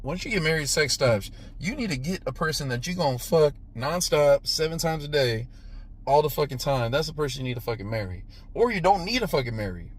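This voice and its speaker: A man in his thirties giving a casual, profane movie review, punctuating the retelling with "boom" sound effects and "right?" after nearly every line. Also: a little fast, husky. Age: 30s. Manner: animated, profane, says "right?" constantly.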